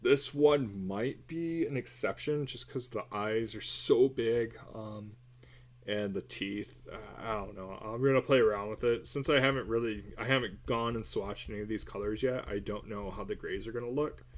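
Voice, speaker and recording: An artist livestreaming a drawing session chats casually and rambles in a somewhat nasal, low-leaning male voice at a normal speed. Recorded on a cell phone, he is self-deprecating and hums or sings snatches of songs as he draws.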